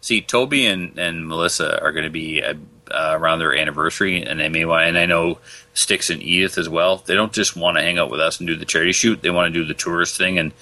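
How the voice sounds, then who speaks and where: A man's voice: deep voice, quick pace, pushed and bright, no room sound. A man co-hosting a casual podcast, chatting in an easygoing way and laughing easily. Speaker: podcast co-host.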